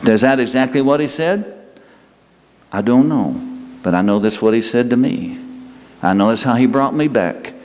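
A man preaching a sermon in a conversational way, asking his listeners questions and leaving pauses. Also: mid-range voice, animated, a little mellow. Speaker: pastor. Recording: long hall reverb.

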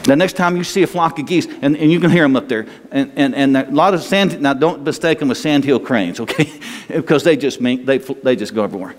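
A man's voice: medium pitch, fairly quick. A man preaching a sermon as a pastor, folksy and rambling, with restarts and small chuckles. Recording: long hall reverb.

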